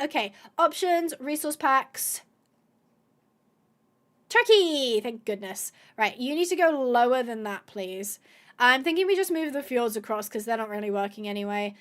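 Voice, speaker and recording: A woman hosting a gameplay video, chatting casually to viewers, thinking aloud with excited gasps and asides. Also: sits high, moderate pace. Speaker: gaming video host.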